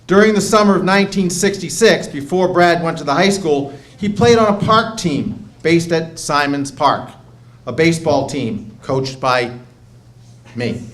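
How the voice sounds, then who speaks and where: A man, introducing a hall of fame inductee in a measured, gently humorous speech. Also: on the high side, animated. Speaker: presenter at induction ceremony. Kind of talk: prepared speech. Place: banquet hall.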